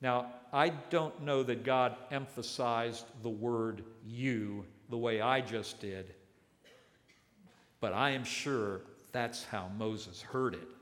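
Slow, deliberate preacher in a reverberant hall. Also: male voice, medium pitch, steady tone, a bit bright. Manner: deliberate, dramatic pauses and emphasis. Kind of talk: expository sermon.

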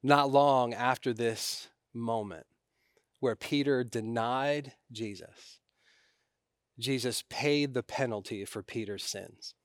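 A man preaching a sermon, earnest, rising in force on key lines and then dropping to a hush. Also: medium pitch, slow, no room sound, clean studio sound. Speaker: pastor.

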